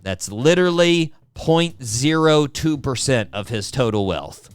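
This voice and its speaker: Sarcastic lively male podcast host. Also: mid-range voice, unhurried, clean tone, dry recording. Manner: wry, sarcastic, keeps addressing his co-host. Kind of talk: casual chat.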